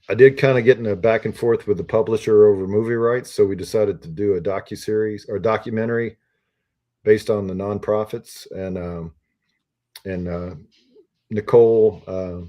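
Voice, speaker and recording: A man's voice: low voice, dark tone. A retired Army officer in his fifties, a podcast guest telling stories in a rambling way full of ums and uhs. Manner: rambling, filler-heavy storytelling with many ums and uhs. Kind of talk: casual storytelling interview.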